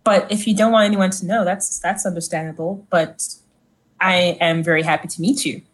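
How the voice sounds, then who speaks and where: A woman's voice: fairly low pitch, steady tone, moderate pace. A woman playing a tabletop game in character, eager and gushing, tripping over her words. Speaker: player.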